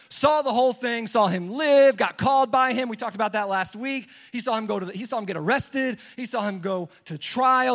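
A young adult man serving as a youth pastor delivers a casual, energetic sermon to teenagers and leads them in call-and-response. His voice sits high.

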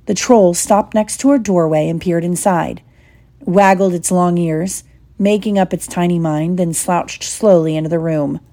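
A woman reading an audiobook in a steady, measured storytelling voice. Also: on the low side. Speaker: audiobook reader. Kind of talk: audiobook narration.

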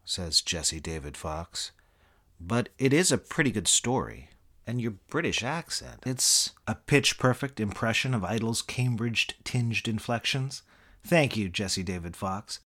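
A man narrating a comic memoir in a dry, deadpan scripted delivery. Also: fairly low pitch, unhurried. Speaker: audiobook narrator.

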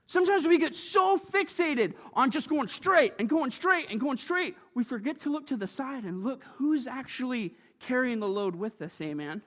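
A man preaching a sermon in a church, lively and joking, often calling for amens. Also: extremely high pitch, normal speed, big-room sound.

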